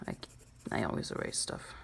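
A woman's voice: normal speed, whispered. A woman hosting a drawing channel, giving a casual, chatty and self-deprecating drawing tutorial.

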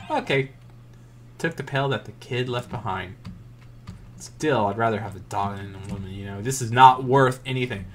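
A man's voice: mid-range voice, normal speed, a bit bright, slight background noise. A man doing jokey let's play commentary who rambles and talks to himself. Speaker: gamer.

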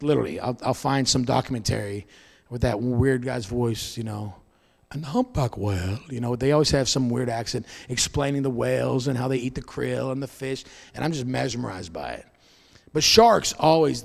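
A man preaching as pastor to his congregation, swinging between booming and hushed delivery in a church. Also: creaky, long reverb tail. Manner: preaching with wide swings in loudness and pitch. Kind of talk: sermon. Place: church sanctuary.

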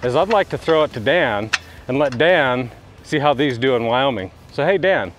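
A man presenting a product demonstration outdoors, walking through how a tool works in a steady, explanatory way. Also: medium pitch, normal speed, lo-fi sound, background noise. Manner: steady, explanatory, hands-on walkthrough. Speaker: fence company presenter.

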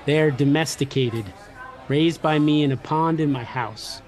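A man's voice: a little high, measured pace. A man co-hosting a podcast in a casual chat, telling stories with energy and reading listener letters aloud. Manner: animated, jokey storyteller who reads out listener letters. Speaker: podcast co-host.

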